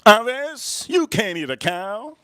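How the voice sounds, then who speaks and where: A man putting on the voice of his friend's exasperated older father, with high, drawn-out, incredulous calls. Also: sing-song, pushed and bright, clear, resonant tone, no room sound, heavily acted.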